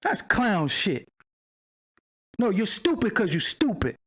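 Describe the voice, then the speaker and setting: A man's voice: sits high, huge pitch swings, takes it slowly, a bit bright, husky. A man hosting a livestream, ranting in a profane, mocking, confrontational way and arguing with viewers in the chat. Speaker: channel host. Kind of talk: livestream commentary rant.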